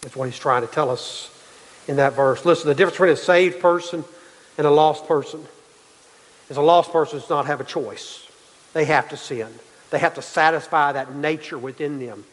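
A man's voice: fairly high pitch, normal speed, long reverb tail, poor audio. A man preaching a sermon, repeating his key points for emphasis and building in intensity. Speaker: pastor.

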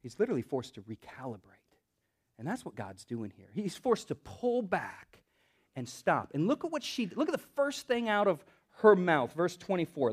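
Animated high-voiced Southern preacher. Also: male voice, moderate pace, breathy edge. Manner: animated, swings from loud bursts to hushed asides. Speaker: pastor. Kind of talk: sermon.

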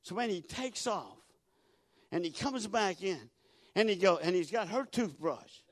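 A man preaching a sermon as a guest speaker, telling folksy stories, repeating words and building to loud emphatic peaks. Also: high voice, expressive, a little slow, no echo.

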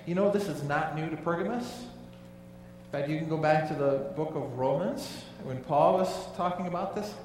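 A male pastor's slightly high, darkish voice carries at normal speed through an echoey sanctuary, sounding far off with a little hiss or hum. His sermon is emphatic and conversational, with frequent questions to the congregation.

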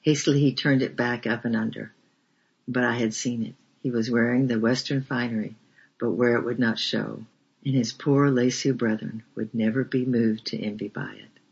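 A man narrating a memoir as an audiobook reader, with a measured, flat delivery. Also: mid-range voice, gravelly, slightly rough. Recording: dull lo-fi recording.

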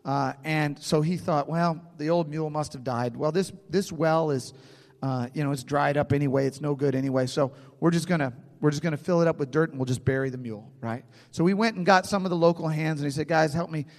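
Higher-voiced man preaching with reverb. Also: fairly quick, darkish tone. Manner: conversational preaching with frequent restarts, checks in with listeners. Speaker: pastor. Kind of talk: sermon.

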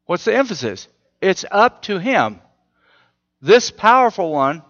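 A slightly high-voiced man delivers a sermon and speaks conversationally, his pitch rising and falling a lot as he poses question after question. The audio is muffled, and his voice rings with the long reverb of a large hall. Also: big pitch swings, a little slow, a bit bright. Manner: conversational, asks rhetorical questions. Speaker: preacher.

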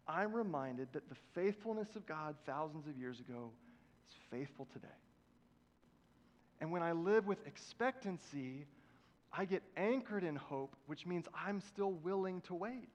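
High-voiced preaching man, echoing church. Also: lively intonation, measured pace, lo-fi sound. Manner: emphatic preaching, swings between loud exhortation and hushed prayerful lines. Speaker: pastor. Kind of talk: sermon. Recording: long hall reverb from a church.

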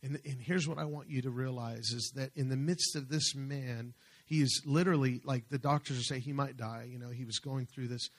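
A man preaching a sermon as pastor, fervent, slowing and swelling as he reads scripture. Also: mid-range voice, steady tone.

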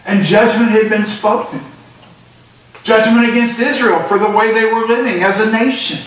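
A man's voice: sits high, fairly even intonation, normal speed, a bit bright. A male pastor preaching a sermon and reading Scripture with emphasis. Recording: echoey church sound from a distant mic.

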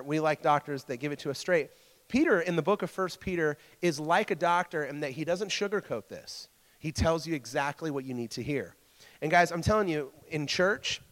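A man delivers a relaxed, conversational sermon in a fairly high voice for a man. He trips over and repeats words as he talks, tossing questions back at his listeners. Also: big-room sound. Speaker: preacher teaching a church group. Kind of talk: casual interactive sermon.

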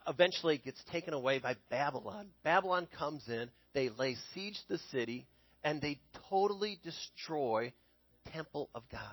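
A young man tells a Bible story in an easy, chatty sermon, often pausing to ask his listeners "okay?" His voice sits a little high for a man. The sound is close and dry, with almost no room echo. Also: a bit bright. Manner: conversational, checks in with listeners with "okay?". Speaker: preacher.

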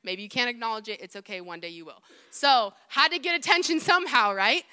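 Delivering a sermon a little fast, this assistant youth pastor, a young adult woman, has a smooth voice on the high side. Her preaching is animated and chatty, packed with personal anecdotes and jokes at her own expense.

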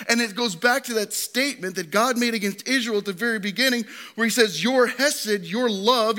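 A man in his thirties preaching a sermon, swinging from high, impassioned appeals to quiet, tender readings. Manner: impassioned preaching, voice rising high then dropping soft. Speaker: pastor.

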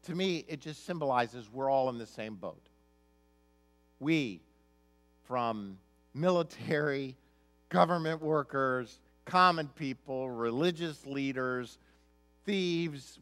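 A man's voice: mid-range voice, takes it slowly, a bit bright, faint music behind. A male pastor preaching a sermon, reading scripture aloud and then explaining it in an emphatic, conversational way.

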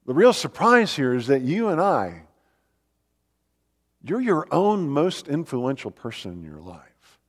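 A man's voice: on the high side, big pitch swings, a little slow, pauses often. A man preaching a sermon in an earnest, emphatic way, asking rhetorical questions and quoting scripture. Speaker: pastor. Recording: long hall reverb.

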